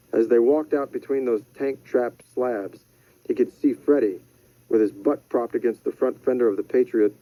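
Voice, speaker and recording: A man narrating a thriller audiobook in a measured, deadpan manner. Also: medium pitch, no room sound. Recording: dry, slightly dull studio audio.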